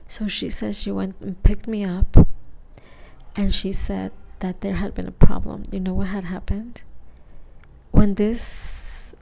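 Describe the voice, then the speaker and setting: A young woman whispers a rambling ASMR story while high, her voice gravelly and dark. She drifts between soft whispers and murmured speech, loose and slangy. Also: flat delivery, slow pace. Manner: rambling, casual, peppered with "like" and swearing.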